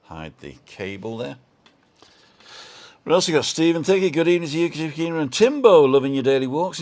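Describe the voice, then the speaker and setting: A middle-aged man hosting a casual live stream from home, rambling along and greeting viewers by name. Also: deep voice.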